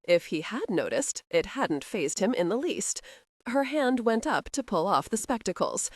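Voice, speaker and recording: Expressive woman audiobook narrator. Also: mid-range voice, measured pace, dry recording, clean studio sound. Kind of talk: scripted narration.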